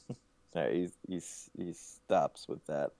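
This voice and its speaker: A man running a tabletop game as game master, narrating in a halting, hesitant way over an online call. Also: deep voice, vocal fry, mellow.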